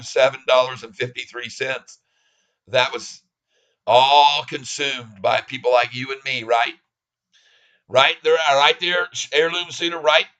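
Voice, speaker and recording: Middle-aged male stream host, bright tense voice, excitable, quick to laugh. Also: mid-range voice. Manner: excitable, laughs often, improvises sung jingles. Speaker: stock livestream host. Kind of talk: live stock-trading stream chat.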